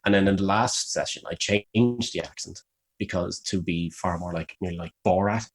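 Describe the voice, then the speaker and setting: An Irish man co-hosts a podcast in loose, casual chat. His voice sits very low and has a husky, slightly rough edge. He teases and swears freely and laughs often. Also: normal speed. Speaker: podcast co-host.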